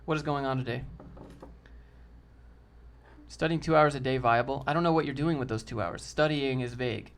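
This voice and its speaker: A man's voice: mid-range voice, moderate pace, pauses often. A man hosting a casual livestream, answering chat in a loose, slangy way and calling people dude and bro.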